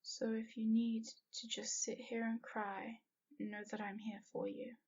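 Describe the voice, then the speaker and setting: A woman voicing a calm, caring masked young man, speaking softly and sometimes in a whisper. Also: on the high side, a little slow, a little hiss or hum. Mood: soothing. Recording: dull lo-fi home recording.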